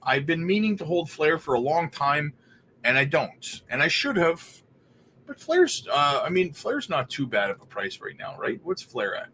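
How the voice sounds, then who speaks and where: A man's voice: on the high side, normal speed, a little hiss or hum. Chatty man hosting a crypto stream. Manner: chatty, greets viewers by name; relaxed, laughs between remarks. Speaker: crypto livestream host. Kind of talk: casual livestream chat.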